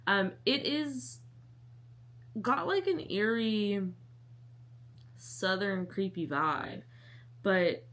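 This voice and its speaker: A woman's voice: medium pitch, big pitch swings, takes it slowly, long pauses, fairly bright tone. A young woman chatting casually to camera as a book vlogger, rambling and joking at her own expense. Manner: chatty, self-mocking, rambling asides.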